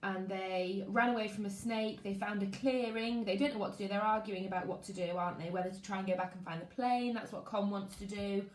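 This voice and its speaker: With hardly any pauses and a slightly fast, mid-range voice, a woman teaches her primary class by live stream from home. In her echoey living room, she greets pupils by name, reads out their comments, and chats in a lively way before reading aloud.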